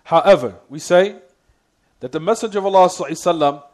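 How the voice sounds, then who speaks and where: Brief: male teacher, rapid delivery, slightly high voice, prompts class and repeats himself. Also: darkish tone. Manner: reads Arabic quotations quickly. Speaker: Islamic teacher. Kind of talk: religious lesson.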